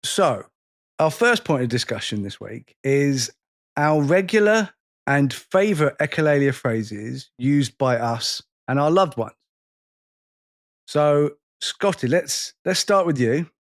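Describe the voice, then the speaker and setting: Man, podcast co-host, casual chat, fairly high voice, dry studio sound. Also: lively intonation, dry recording. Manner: laughs along, asks quick questions.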